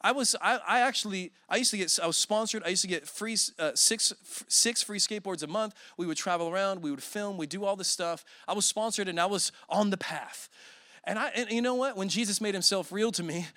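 A man's voice: high-pitched, a little fast, sharp tone, no room sound, clean studio sound. A man in his forties preaching a sermon as a guest speaker, telling emotional stories with self-deprecating humor.

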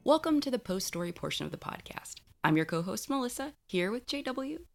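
A woman's voice: on the high side, sing-song, brisk, vocal fry, soft background music. A woman co-hosting a fiction podcast, welcoming listeners and introducing the guest author. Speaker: podcast co-host.

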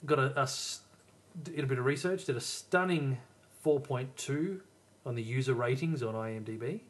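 A man's voice: mid-range voice, moderate pace. A man co-hosting a podcast in casual chat, hesitant and self-deprecating, laughing often. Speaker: podcast co-host.

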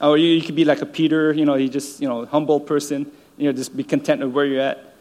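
A man preaching an informal sermon, earnest and halting, with many repeated words and fillers and chuckles between phrases. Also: fairly high pitch, level tone, darkish tone.

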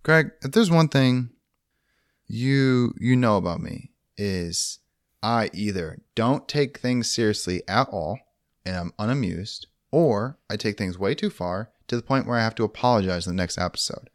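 A man co-hosting a comedy podcast, joking in a laid-back, deadpan way. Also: fairly low pitch, normal speed. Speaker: podcast co-host. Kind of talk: casual comedic chat.

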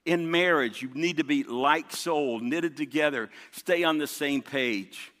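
A man's voice: on the high side, measured pace, fairly bright tone. A man preaching a sermon as pastor, emphatic, repeating key points and calling on the congregation for responses. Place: large church sanctuary. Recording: long reverb of a big hall.

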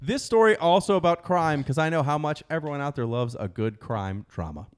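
A man with a somewhat high, very lively voice hosts a comedic talk show, trading jokes and laughing through his own stories. A faint music bed plays quietly underneath him. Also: a little fast, clean tone. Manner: joking, self-deprecating storyteller, laughs mid-sentence. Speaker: radio show host. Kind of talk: comedic radio talk, reading news stories.

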